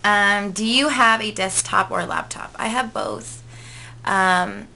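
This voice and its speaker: A woman's voice: mid-range voice, slow pace, creaky, pushed and bright, slight background noise. A woman in her twenties, a vlogger, chatting casually through tag questions in a gushing way, full of "like" and "um". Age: 20s.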